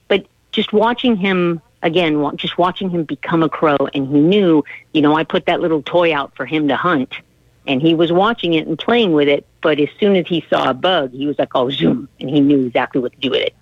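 A woman's voice: low voice, normal speed, no echo. A woman guest on a radio interview, earnestly telling a story about raising an animal. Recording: dull, dry, lo-fi line.

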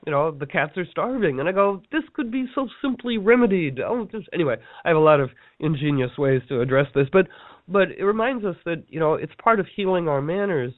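A man teaching a course, telling rambling, animated stories and acting out the quotes he repeats. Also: a little high, brisk, dry recording. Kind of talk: storytelling talk on a teleseminar. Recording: tinny phone line, dry.

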